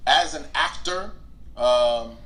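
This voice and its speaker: A man's voice: medium pitch, takes it slowly. A man, an actor, talking casually in an interview about acting choices and acting out quotes. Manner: animated, acts out quotes in big voices.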